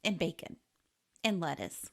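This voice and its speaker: A woman chatting on a podcast about a movie, tossing in quick jokes and reactions. Her voice sits on the low side but moves around a lot in pitch. She sounds relaxed and conversational. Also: creaky. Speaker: podcast co-host. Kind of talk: casual film chat.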